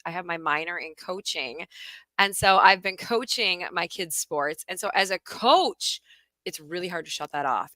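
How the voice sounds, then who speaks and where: A woman co-hosting a podcast in casual chat, telling stories in a lively, self-deprecating way as a mother and coach. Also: lowish voice, no echo.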